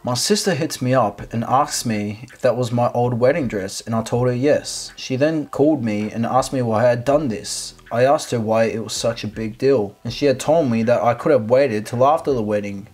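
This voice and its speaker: A man's voice: medium pitch, moderate pace, hardly any pauses, a little mellow. A man hosting a video, reading out a post and commenting on it in a blunt, sarcastic, profane way. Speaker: video host.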